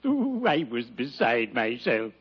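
Digby Odell, an oily undertaker. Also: male voice, medium pitch, big pitch swings, slow pace, heavily acted. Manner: smooth, unctuous, mournful puns. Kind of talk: 1940s radio comedy acting. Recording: lo-fi old radio broadcast with hiss.

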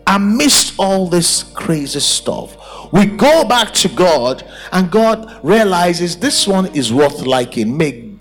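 A man preaching a sermon at a church service, emphatic and full of rhetorical questions. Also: fairly high pitch. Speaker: pastor.

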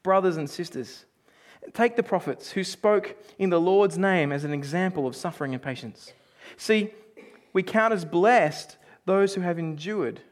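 A young man preaching a sermon, animated, acting out quotes and going soft and slow when he reads scripture. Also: high voice. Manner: animated, acts out quotes with sudden shouts. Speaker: pastor.

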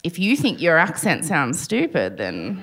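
A woman's voice: on the low side, huge pitch swings, a bit bright, a little hiss or hum. A woman from Sydney with an Australian accent, co-hosting a live podcast show with jokey, chatty storytelling. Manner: chatty, jokey, quick asides. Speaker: podcast co-host.

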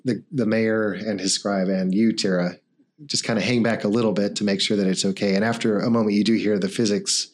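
A man's voice: on the low side, steady tone, brisk, slight background noise. A man narrating as game master, hesitant and full of fillers.

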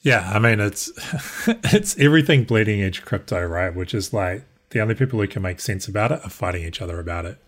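A man with a New Zealand accent, cohosting a podcast in thoughtful, measured casual chat. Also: fairly low pitch, animated. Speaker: guest cohost.

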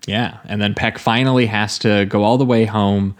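Low-voiced man, rambling film talk. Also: fairly even intonation, moderate pace. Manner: rambling and conversational, with many fillers and restarts. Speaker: podcast co-host. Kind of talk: casual film discussion.

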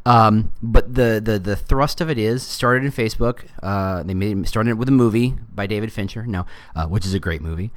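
A middle-aged man with a lowish voice delivers an informal lecture to a room. His speech is animated, and his pitch jumps up suddenly on words he wants to stress. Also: normal speed, hardly any pauses, no room sound. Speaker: presenter.

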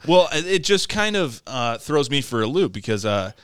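A man co-hosting a podcast, telling a story in a casual, animated, halting way. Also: mid-range voice, clear, resonant tone, dry recording. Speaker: podcast co-host.

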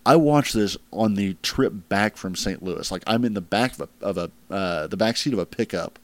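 Talking at normal speed with few pauses, a man with a lowish voice hosts a laid-back podcast where he ranks wrestling matches. He wanders off topic, uses plenty of fillers, and laughs at crude humor.

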